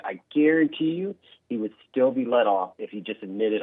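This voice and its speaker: A man calls into a show and speaks casually and earnestly, using plenty of filler words. His voice is slightly husky and sits at a mid pitch. It comes through a thin, phone-like line. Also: lively intonation, normal speed. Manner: casual, earnest, says like a lot. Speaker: caller. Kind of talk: call-in phone conversation.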